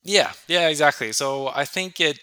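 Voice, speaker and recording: A man tells stories as an interview guest, his voice bright and forward. He slips into lively quoted voices as he goes, recorded close and dry with no room sound. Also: on the high side, normal speed, clear, resonant tone, no room sound. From Sweden. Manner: animated, acts out quoted voices. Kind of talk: conversational storytelling.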